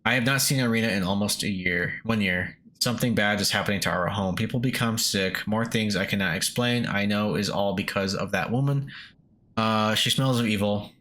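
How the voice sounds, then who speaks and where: A man's voice: on the low side, brisk, pushed and bright. A man voicing an old male miner reading his journal aloud in broken English with a Russian accent. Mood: wistful.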